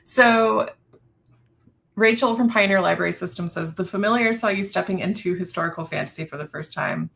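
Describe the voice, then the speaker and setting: A woman's voice: medium pitch, fairly quick, gravelly, fairly bright tone. A woman moderating a webinar, easygoing, reading out audience questions over a video call and laughing along with the guest.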